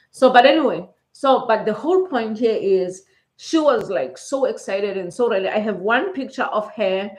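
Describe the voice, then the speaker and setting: A middle-aged South African woman talks straight to her viewers, chatty and emotional, close to tears, checking in with "okay?" as she goes. Her voice sits at an ordinary pitch for a woman. The room around her is roomy and echoey. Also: animated, normal speed. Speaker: vlogger. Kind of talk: casual personal storytelling. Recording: roomy echo.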